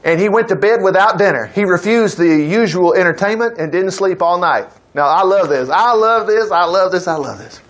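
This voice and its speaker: A man preaching a sermon in a high, lifted voice. He talks in a folksy, animated way and breaks scripture into plain everyday speech. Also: moderate pace, hardly any pauses, rough recording.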